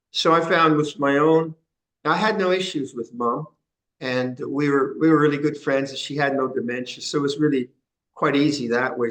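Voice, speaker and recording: A man's voice: mid-range voice, fairly bright tone, low-quality recording. An older man, a Buddhist monk teacher, answering a question in a Dhamma session in a frank, chatty way, repeating phrases and chuckling now and then.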